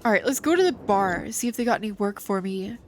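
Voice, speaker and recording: A woman's voice: mid-range voice, expressive, fast, a little mellow. Woman streamer, chatty and rambling, light music bed. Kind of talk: casual game commentary.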